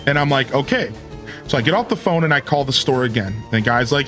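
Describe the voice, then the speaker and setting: A man streaming, telling a long story to his chat and acting out both sides of phone calls with sudden jumps in pitch. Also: quick pace, a bit bright, faint music behind.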